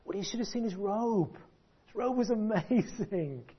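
A man preaching a sermon, emphatic and deliberate, with long pauses, repeated words and sudden hushed drops. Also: high-pitched, lively intonation, slightly rough. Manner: drops to a hush at key points. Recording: dull lo-fi recording.

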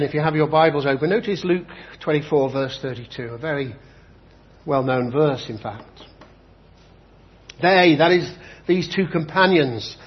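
A man preaching a sermon with emphatic delivery, repeating key phrases slowly for effect. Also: a little high. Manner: emphatic, with slow dramatic repetitions. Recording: dull lo-fi recording.

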